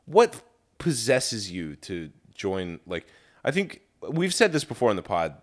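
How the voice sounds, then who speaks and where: A man's voice: lowish voice, sing-song, measured pace. A man co-hosting a casual true-crime podcast, swearing often and sounding indignant. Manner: profane, indignant, lots of fillers. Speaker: podcast co-host.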